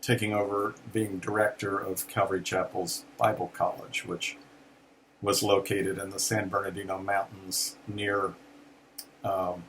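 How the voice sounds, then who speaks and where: An older male pastor telling a personal story slowly, pausing often with fillers. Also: low voice, little pitch movement, a bit bright, a little hiss or hum, rough recording. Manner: slow, reflective storytelling with many pauses and fillers. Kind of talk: personal testimony in a sermon.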